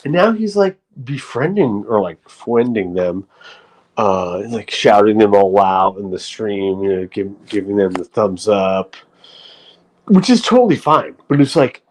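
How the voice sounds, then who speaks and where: Man, stream host, lowish voice, profane rambling chat. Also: very animated, unhurried, poor audio. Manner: profane, rambling, with frequent restarts. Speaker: livestream host. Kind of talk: casual livestream rant.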